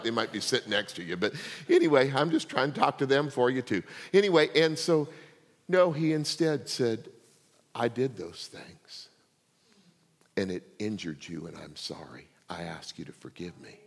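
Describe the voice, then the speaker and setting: An older man preaching a sermon, telling a personal story and swinging between hushed asides and loud, laughing outbursts. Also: medium pitch, big pitch swings, normal speed. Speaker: pastor. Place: church sanctuary. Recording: long hall reverb.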